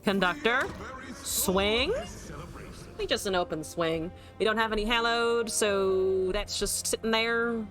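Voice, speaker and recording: A young adult woman streams her card game, giving live commentary in a mid-range voice at a slow pace. She's animated, swearing, laughing, and reading chat aloud as she answers it, with faint music behind her.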